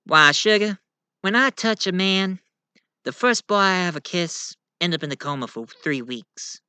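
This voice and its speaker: A man's voice: high-pitched, expressive, a little slow, sharp tone, clean tone, no room sound, voice pushed up, heavily acted. A man putting on a drawling Southern belle mutant. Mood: coy. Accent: put-on American Southern drawl. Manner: drawling, sugary endearments.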